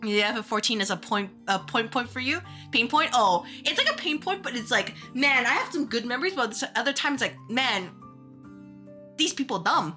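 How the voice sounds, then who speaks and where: A woman streamer chatting casually while playing a game, ranting in an animated way with quick asides and restarts. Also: a little high, faint music behind. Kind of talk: casual gaming stream chat.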